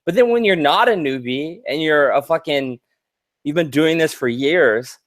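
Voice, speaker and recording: A man's voice: a little high, animated, moderate pace, no room sound. A man in the middle of a fired-up rant on a casual podcast, swearing freely and tripping over his words as he gets more and more worked up. He sounds on the edge of tears. His voice is dry and close, with no room sound around it. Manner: heated, profane ranting with stammered restarts. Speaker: podcast co-host.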